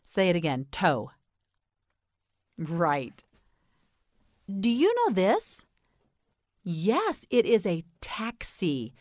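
An American woman teaching English pronunciation in a slow, scripted lesson, patiently repeating each word and encouraging the learner. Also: lowish voice, huge pitch swings, a little mellow, dry recording, clean studio sound.

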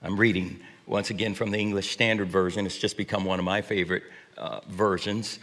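A man's voice: deep voice, flat delivery, a little fast, fairly bright tone. A middle-aged man preaching a sermon as a pastor, telling family stories with humor and frequent fillers like "uh" and "um.". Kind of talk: sermon with storytelling. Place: church sanctuary. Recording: long hall reverb.

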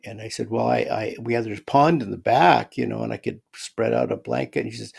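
An older man with a gravelly, creaky voice tells a personal story in an easygoing way. He livens it up by acting out the voices of the people he quotes. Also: lowish voice, brisk, few pauses. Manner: animated retelling, acts out quoted voices. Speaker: guest storyteller. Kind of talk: casual spoken storytelling.

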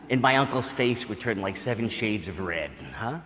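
A man's voice: mid-range voice, lively intonation, normal speed, a bit bright, long reverb tail, slight background noise. A male priest giving a retreat sermon, telling stories and asking his listeners questions. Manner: storytelling, talks to the crowd with questions.

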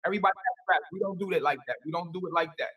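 A man's voice: sits high, racing, bright, forceful tone, breathy edge, distant mic, low-quality recording. A man answering questions on a call, rambling and repeating himself defensively. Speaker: interview guest.

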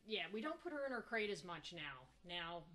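Woman interviewee, bright tone, casual and halting storyteller. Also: medium pitch. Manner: halting, many restarts, animated when mimicking.

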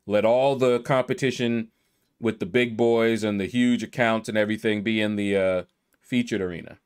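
A man's voice: lowish voice, normal speed, smooth. Laid-back man reading out a leaderboard. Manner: relaxed, drawls and plays with player names. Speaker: gaming YouTuber. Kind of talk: casual commentary reading a leaderboard.

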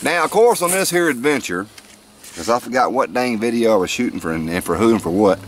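A man's voice: medium pitch, lively intonation, fairly quick, a little hiss or hum. A man, filming a campout and presenting the food to camera in a folksy, joking way. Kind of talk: casual show-and-tell narration to camera. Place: outdoor campsite.

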